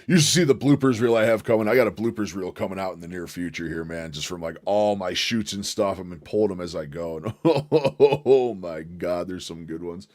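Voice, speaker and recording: A fairly low-voiced man hosts a livestream in a slight Southern drawl. He talks loosely and casually to his viewers, swears freely and chuckles between remarks. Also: a little fast, few pauses, darkish tone. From northern United States. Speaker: livestream host.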